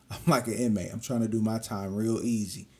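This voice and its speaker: Telling a story from his own life, this young Californian speaks at a moderate pace in a lowish voice. His delivery is animated and full of profane street slang, and he performs the lines others said to him.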